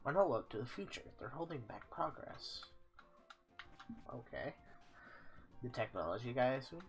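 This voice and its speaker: A man's voice: medium pitch, expressive, normal speed, faint music behind. A man playing a video game and commenting casually, reading the game text aloud, joking and swearing as he goes. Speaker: let's play host.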